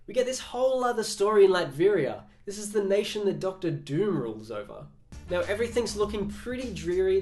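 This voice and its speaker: A man's voice: a little high, a little mellow. A young man recapping a comic book casually, chatty and sarcastic, acting out the characters' lines.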